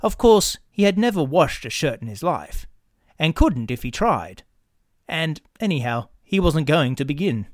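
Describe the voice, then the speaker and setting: Animated male storyteller. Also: on the high side, measured pace, no echo, clean studio sound. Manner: expressive, animated reading. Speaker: narrator. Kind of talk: storybook narration.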